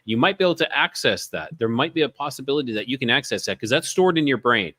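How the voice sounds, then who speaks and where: A man's voice: medium pitch, expressive, fast, bright, forceful tone, no echo. A man co-hosting a call-in show, talking casually and reassuringly while often repeating himself. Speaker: co-host. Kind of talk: casual talk show chat.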